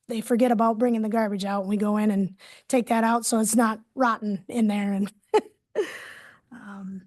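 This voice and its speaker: A woman from police department staff presenting at a city committee meeting in a conversational way, often trailing off quietly. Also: medium pitch.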